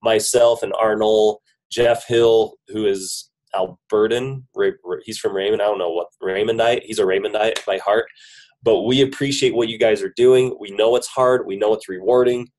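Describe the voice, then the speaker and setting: A man with a head cold speaks in a somewhat low voice. He gives a casual, upbeat pep talk on a team conference call, praising and joking. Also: fairly even intonation, normal speed, a little mellow, rough recording. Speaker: business team leader on a coaching call. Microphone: phone conference call.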